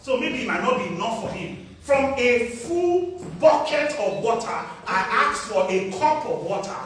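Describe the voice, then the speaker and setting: A middle-aged Nigerian pastor with an Ekiti Yoruba accent preaches in a storytelling way, dropping low for asides and rising to forceful proclamations. His voice is caught from a distance in a very echoey hall. Faint room ambience sits behind it. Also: sing-song, normal speed, a little hiss or hum. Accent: Nigerian English, Ekiti Yoruba. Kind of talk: sermon.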